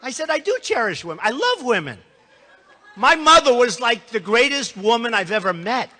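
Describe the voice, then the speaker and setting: Older guy giving a rambling boastful campaign speech, lively swoopy voice, big echoey hall. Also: extremely high pitch, normal speed. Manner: boastful, repetitive, conversational asides to the crowd. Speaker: political candidate. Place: large hall before a live audience. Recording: long hall reverb.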